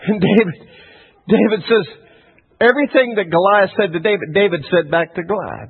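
A male preacher tells a story in a folksy, emphatic way, his voice high and husky and full of ups and downs. The sound comes through thin and boxy, like a radio broadcast. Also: expressive, moderate pace, narrow, tinny audio. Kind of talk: sermon.

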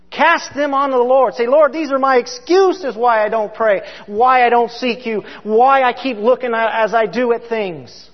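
Male preacher, high voice, impassioned sermon, loud then hushed, dull reverberant hall recording.

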